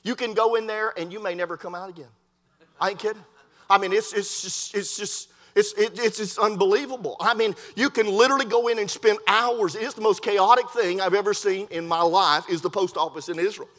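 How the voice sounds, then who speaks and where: A man preaching a sermon, telling a story in an animated way and often repeating his words. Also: high-pitched, a little fast. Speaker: preacher, missionary. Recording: long hall reverb.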